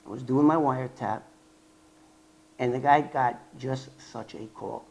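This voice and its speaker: A man's voice: unhurried, vocal fry, long pauses, lo-fi sound. Older man telling a rambling story. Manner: animated, acts out quoted dialogue with sharp jumps in pitch and loudness; rambling, with restarts and fillers. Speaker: former informant telling his story. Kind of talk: casual storytelling vlog.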